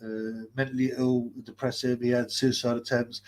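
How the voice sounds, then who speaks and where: A man's voice: medium pitch, level tone, normal speed, a little mellow, a little hiss or hum. A man ranting profanely on a live stream, mocking and laughing, his nose blocked so his breathing is heard. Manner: abusive, mocking, laughing, mimics callers.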